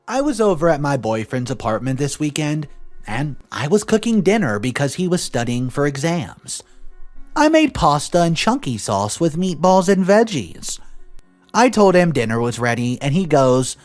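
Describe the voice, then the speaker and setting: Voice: medium pitch, normal speed, faint music behind. A narrator reading online stories aloud, adding their own commentary and acting out the quoted lines. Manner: expressive storytelling, acts out quoted lines. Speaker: story narrator and channel host.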